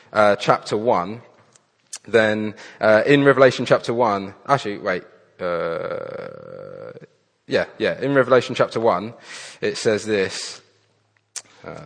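A man preaching a sermon, reading scripture aloud and then explaining it in an earnest, animated way, often restarting his phrases. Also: medium pitch. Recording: long hall reverb.

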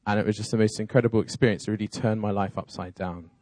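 A man with a very deep voice tells his personal testimony earnestly, like a story. The sound is dry and close, with little room echo. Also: steady tone, quick pace, dark tone.

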